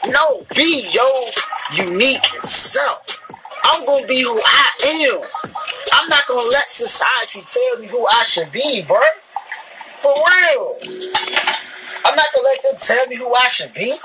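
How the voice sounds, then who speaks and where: A woman's voice: sits high, animated, unhurried, low-quality recording. A woman speaking as a motivational speaker in an emphatic, repetitive, slangy monologue. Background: loud music.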